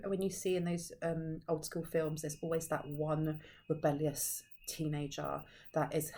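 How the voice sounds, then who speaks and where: A woman gives a casual tarot reading straight to her audience. Her voice sits on the low side, and she talks in a loose, rambling way, circling back and restarting her sentences as she goes. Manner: rambling, conversational, frequent restarts. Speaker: tarot reader.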